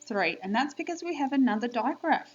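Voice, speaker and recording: A woman teaching a spelling lesson to young children on video, speaking slowly and clearly in an encouraging, sing-song teacher manner. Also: sits high, expressive. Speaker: primary school teacher. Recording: dull lo-fi home video audio.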